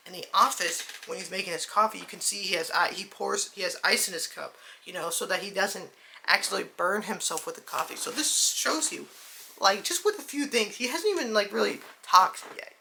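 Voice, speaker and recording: Excitable woman gushing about a movie, bright sharp voice, faint hiss behind. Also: mid-range voice, creaky. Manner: excitable, chatty, addresses viewers as "dude" and "guys". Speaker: movie reviewer. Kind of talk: casual movie review vlog.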